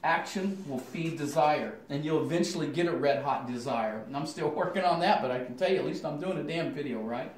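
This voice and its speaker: A man's voice: fairly high pitch, a little fast, few pauses. A middle-aged man talking casually on his own channel, folksy and rambling with lots of fillers and restarts. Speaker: channel host. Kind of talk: rambling casual vlog talk. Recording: echoey room, mic at a distance.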